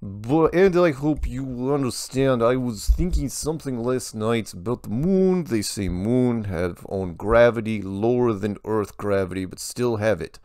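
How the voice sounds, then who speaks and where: A man putting on a halting mock-foreign accent to read out a viewer's email in broken English. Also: medium pitch, animated, a little mellow, dry recording, clean studio sound, voice pushed up, lightly acted. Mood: earnest.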